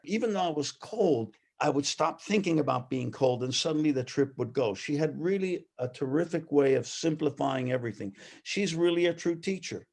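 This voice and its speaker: A man interviewed as a guest, telling lively anecdotes about his mother and laughing often as he talks. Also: on the high side, normal speed, few pauses. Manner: animated anecdotal storyteller; laughs often while talking. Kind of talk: personal storytelling.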